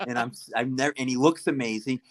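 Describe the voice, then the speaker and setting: A man's voice: medium pitch, fairly even intonation, quick pace. A middle-aged male comedian, a guest, telling a self-deprecating story with lots of energy and acting out the dialogue. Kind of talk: comic storytelling.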